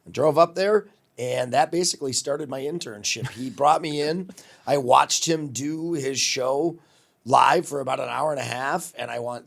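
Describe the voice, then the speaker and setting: A man in his fifties from Wisconsin, a longtime radio host, telling lively stories in an interview and acting out the voices of people he quotes. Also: mid-range voice, normal speed, creaky. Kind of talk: storytelling interview.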